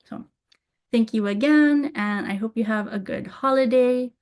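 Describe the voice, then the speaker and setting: A woman with a somewhat high voice leads a gentle self-help lesson on tapping. She talks softly and repeats soothing phrases over and over. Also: measured pace. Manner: soft, repeats calming phrases. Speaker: tapping coach.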